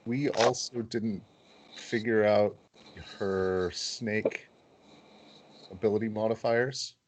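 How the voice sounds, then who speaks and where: A man's voice: on the low side, fairly even intonation, slow, slight background noise, poor audio. A man at a tabletop game chiming in casually about the rules. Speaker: player.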